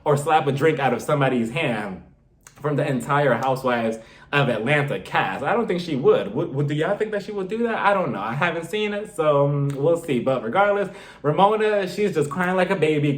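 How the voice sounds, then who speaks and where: A man giving a casual, animated review of a reality TV episode. He acts out quotes and laughs often. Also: a little high, brisk. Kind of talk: casual commentary vlog. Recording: roomy echo.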